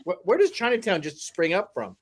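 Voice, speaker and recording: A man chatting casually on a livestream panel, talking in an animated way about comedy. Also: high-pitched. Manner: animated, does quick impressions of others. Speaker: comedy commentator. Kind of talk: casual chat.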